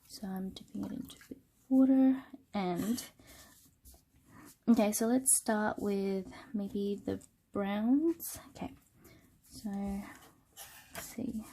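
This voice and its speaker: A woman with a cold and a nasal voice, casually reviewing an art product in an unscripted smartphone video and thinking aloud with many pauses as she works. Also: medium pitch, slight background noise. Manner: relaxed, thinking aloud with many ums while working. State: sick with a cold. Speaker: art channel host.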